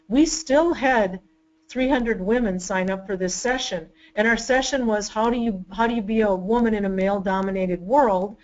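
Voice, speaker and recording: A woman chairs a webinar session and tells her story with eager energy, often restarting her sentences. Her voice sits in a middle range. The audio comes through slightly dull, as from a webinar mic. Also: mid-range voice. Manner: enthusiastic, storytelling with quick restarts. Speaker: webinar presenter, department chair. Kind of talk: webinar talk.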